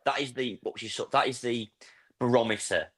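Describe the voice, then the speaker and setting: A man's voice: mid-range voice, fairly quick, fairly bright tone, slightly rough. A man on a fan podcast panel, chatting casually, repeating words as he stumbles to his point. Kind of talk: casual chat.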